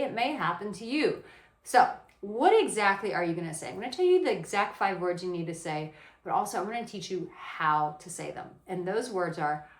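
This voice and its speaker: A woman dating coach giving blunt, animated advice to camera, swearing casually. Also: medium pitch. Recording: roomy echo.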